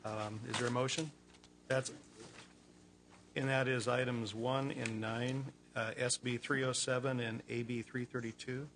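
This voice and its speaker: Man, committee chair, relaxed, lightly joking, faint room noise. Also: mid-range voice, measured pace. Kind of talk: chairing a legislative hearing. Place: legislative committee hearing room.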